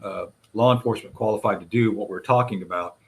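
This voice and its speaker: A man recounting a series of events in recorded testimony, speaking deliberately with frequent hesitations and restarts. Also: on the low side, breathy edge. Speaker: whistleblower advocate recounting events. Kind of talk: recorded testimony played on a radio show.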